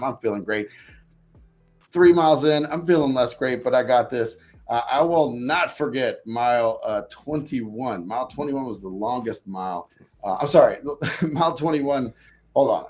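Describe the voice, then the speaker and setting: A man telling a personal story in a casual interview, acting out his own past thoughts with lively energy. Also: mid-range voice. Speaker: podcast guest.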